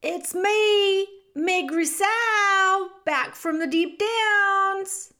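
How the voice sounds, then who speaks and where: Simple serving girl, voiced by a woman: high, drawling, rough-spoken storybook maid. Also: sing-song, slow, fairly bright tone, exaggerated voice. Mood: calling out. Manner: drawling, plain country speech. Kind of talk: storybook reading.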